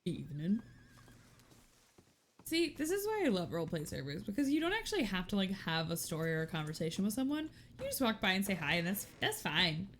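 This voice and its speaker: A woman's voice: medium pitch, big pitch swings, fast talker, few pauses, fairly bright tone. A woman in her thirties talks loosely to her stream between bits of a roleplay game. She jokes at her own expense, laughs easily and drops the odd swear word, with a faint hiss of noise under her voice. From Texas. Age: 30s. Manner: chatty and self-mocking, laughs often and swears casually. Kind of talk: casual chat.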